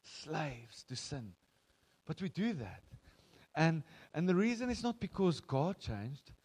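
A man's voice: high voice, sing-song, measured pace, darkish tone. A man with a South African accent preaching a sermon as pastor, telling the story conversationally and acting out quoted voices.

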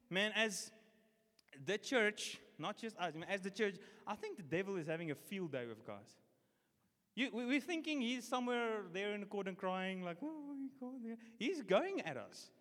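A man preaching a sermon, casual and energetic, leading the congregation in call-and-response. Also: high voice. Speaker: pastor. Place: church hall. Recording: long reverb of a church hall.

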